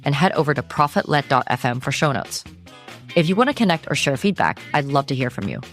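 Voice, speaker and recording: A woman hosting a podcast, thanking her guest and then reading a friendly, measured outro. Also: deep voice, expressive, soft background music. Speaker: podcast host.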